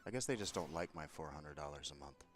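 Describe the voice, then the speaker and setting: A vlogger speaks fast in a rumbling low voice with lively intonation, recounting a confrontation in heated, profane terms. He's aggrieved, and the anger keeps mounting.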